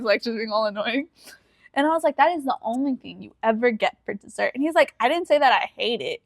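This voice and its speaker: A young woman co-hosting a podcast, chatting casually and acting out every line of dialogue as she tells a story. Her voice sits fairly high, and she breaks into laughter often. The recording is dry and close, with no room sound. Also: brisk, no echo. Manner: animated storyteller who acts out quoted dialogue and laughs often. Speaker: podcast co-host. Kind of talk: casual chat.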